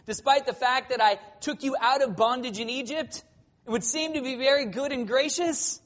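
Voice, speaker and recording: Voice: high-pitched, moderate pace, a bit bright, pitched above the performer's own voice. A preacher voicing God in first person within a sermon, declaiming emphatically. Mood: despotic. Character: God as the preacher imagines him speaking. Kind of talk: quoted speech within a sermon.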